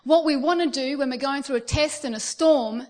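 A middle-aged Australian preacher with a high voice speaks at a moderate pace. Her sermon features lively stories in which she acts out the characters' voices.

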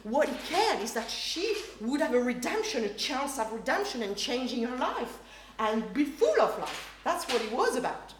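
Animated woman preacher in a roomy hall. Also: sits high, moderate pace. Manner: animated storytelling, acting out voices. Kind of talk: sermon. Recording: roomy hall with faint noise.

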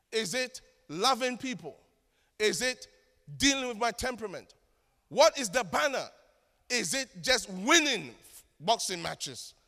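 A man with a high voice preaches a sermon as pastor, his words ringing through a church hall with a long reverb. He calls for responses from the congregation and swings between loud exclamations and quiet asides.

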